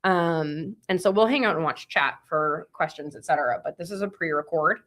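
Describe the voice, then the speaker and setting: A woman's voice: low-pitched, moderate pace, a bit bright. A woman co-hosting a live stream, chatty and bubbly, often laughing. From Boston area. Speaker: livestream co-host. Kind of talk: casual live-stream chat.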